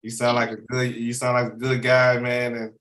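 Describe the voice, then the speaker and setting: A man's voice: medium pitch, monotone, moderate pace, echoey room, rough recording. A man hosting a sports interview show, chatting casually and encouraging his guest, often saying "man". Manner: warm, encouraging, repeats "man". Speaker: host.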